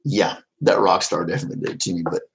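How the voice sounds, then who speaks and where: A man's voice: low-pitched, creaky, poor audio. A man chatting casually with his live-stream viewers, easygoing and rambling, often laughing. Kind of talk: casual livestream chat.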